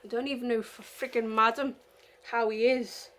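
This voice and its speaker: A young woman from the UK talks straight to the camera in a casual vlog. Her voice sits high, and she rambles, getting emotional and indignant as she goes. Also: fairly even intonation, normal speed, fairly bright tone. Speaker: vlogger.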